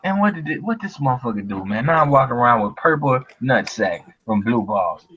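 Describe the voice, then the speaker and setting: A man of ordinary pitch rants through a casual fight discussion, swearing freely and pushing his points with animated emphasis. The audio is dull and lo-fi, with the top end missing. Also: a little fast. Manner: animated, profane ranting. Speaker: co-host. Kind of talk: casual profane fight chat.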